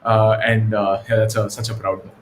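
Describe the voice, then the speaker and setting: A man's voice: fairly low pitch, brisk. Man, interview guest, casual storytelling, lots of fillers, echoey room. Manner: relaxed, many fillers and restarts. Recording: echoey room with faint noise.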